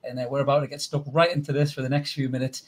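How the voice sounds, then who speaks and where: A man's voice: medium pitch, little pitch movement, rapid-fire. A middle-aged man hosting a football podcast over a video call, boisterous and jokey, calling everyone mate. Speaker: podcast host. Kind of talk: excited football podcast chat.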